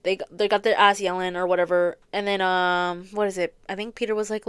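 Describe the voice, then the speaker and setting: A woman's voice: medium pitch, flat delivery, fast, few pauses, clean tone, dry recording, clean studio sound. A young woman hosting a podcast, retelling a story in a rambling, casual way, full of filler words and swearing. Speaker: podcast host. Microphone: close studio mic, audio only.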